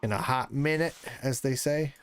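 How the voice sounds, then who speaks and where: A livestreamer in his thirties talks casually to viewers while playing a hunting game, cursing when it annoys him. His tone is clear and resonant, medium in pitch, at a moderate pace.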